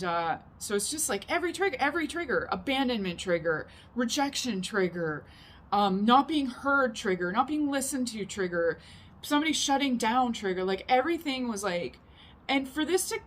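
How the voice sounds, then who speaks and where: A woman's voice: a little high, lively intonation, moderate pace, a little hiss or hum. A woman vlogger telling a personal story to camera, rambling and emphatic, with many fillers. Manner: rambling and emphatic, heavy use of "like".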